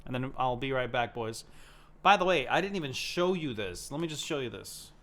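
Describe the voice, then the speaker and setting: A young man casually chatting on a live stream from his home setup, gushing and excitable and swearing freely. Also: mid-range voice, moderate pace.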